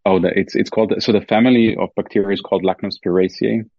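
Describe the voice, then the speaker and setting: A man's voice: on the low side, fairly even intonation, rapid-fire, dry recording, dull audio. A man with a German accent explaining research carefully as a podcast guest, with many fillers and restarts. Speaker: guest scientist. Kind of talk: podcast interview.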